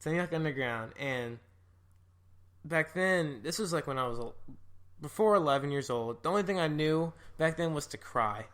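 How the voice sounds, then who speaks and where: A young man with a voice that sits slightly high, talking casually on a podcast. He tells his stories in a relaxed, easygoing way. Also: normal speed. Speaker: podcast co-host. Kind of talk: casual chat.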